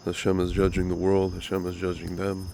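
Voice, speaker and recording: A man's voice: low voice, completely flat delivery, a little fast, creaky, mellow, slight background noise. A man hosting a casual commentary monologue who talks straight to his viewers in a rambling, opinionated way, his voice slightly nasal from a recent cold. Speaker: religious commentary host.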